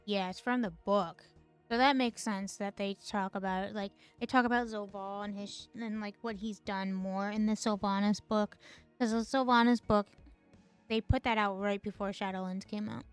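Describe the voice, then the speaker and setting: A woman's voice: mid-range voice, steady tone, normal speed, clean tone, faint music behind. A woman host giving casual, slangy, profane commentary on game lore, full of chatty asides. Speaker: gaming video host.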